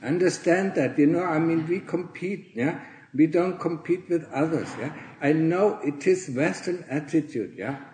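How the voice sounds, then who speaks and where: Earnest monk ending phrases with "yeah?". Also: male voice, a little high, a little slow, mellow, reverberant, low-quality recording. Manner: earnest, tags nearly every phrase with 'yeah?' or 'huh?'; clears his throat often. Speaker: Buddhist monk teaching fellow monastics. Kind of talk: Dharma talk. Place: monastery in Thailand.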